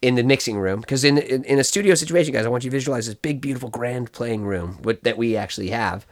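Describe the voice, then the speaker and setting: A man's voice: mid-range voice, fast. A man hosting and narrating an improvised comedy scenario, rambling with many fillers and swearing. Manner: rambling, profane, lots of fillers. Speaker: host running an improvised scenario.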